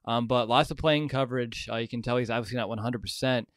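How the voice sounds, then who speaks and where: A man's voice: medium pitch, fast, no echo, studio quality. A man hosting a sports podcast, leading the discussion and passing questions to his co-hosts. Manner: leads the talk, hands questions to co-hosts. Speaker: podcast host.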